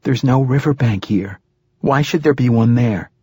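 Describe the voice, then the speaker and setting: A man reading aloud voices a young girl who speaks flatly and questions everything. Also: mid-range voice, normal speed, husky, no room sound, studio quality, voice pushed up, close to an everyday voice. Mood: doubting. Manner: flat, skeptical questioning. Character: young girl, doubting and blunt.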